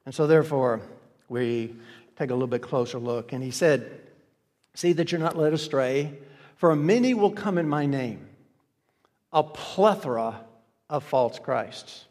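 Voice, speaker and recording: A man preaching a sermon as a pastor, with emphatic, repeated phrases that swing between loud and soft. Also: medium pitch, animated, unhurried. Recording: long reverb of a large hall.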